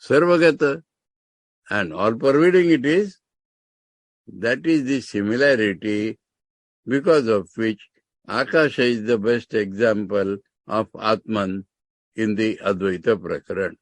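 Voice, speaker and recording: Indian man monk teaching scripture, real slow and deliberate, dry close sound, punches certain words. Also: lowish voice, dry recording. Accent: Indian English. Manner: explains Sanskrit terms word by word, with emphatic rises. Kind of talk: scriptural discourse.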